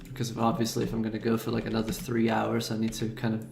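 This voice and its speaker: A man hosting a casual livestream about his animation work, talking in a low-key, joking way. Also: monotone, gravelly, darkish tone. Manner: laid-back, deliberately low-key, joking. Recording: roomy room sound with faint music.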